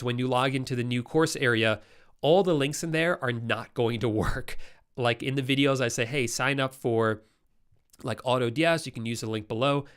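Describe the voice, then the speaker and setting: A man's voice: mid-range voice, a bit bright, clean tone. A man with a congested, nasal voice from a cold, hosting a casual live-stream Q&A and answering viewer questions in a chatty way.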